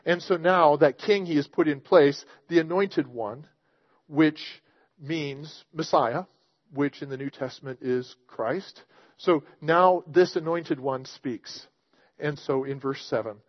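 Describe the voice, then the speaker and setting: A man's voice: a little high, takes it slowly, no room sound, muffled recording. Earnest man preaching a sermon. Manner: earnest, emphatic, reads scripture aloud with rising emphasis. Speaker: pastor.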